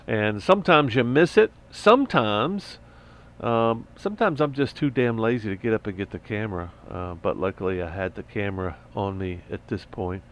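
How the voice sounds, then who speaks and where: A man's voice: fairly low pitch, animated, moderate pace, rough recording. A man vlogging casually at a mountain campsite, rambling and blunt, grumbling about other campers. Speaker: motorcycle vlogger. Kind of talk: casual vlog monologue. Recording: faint outdoor background noise.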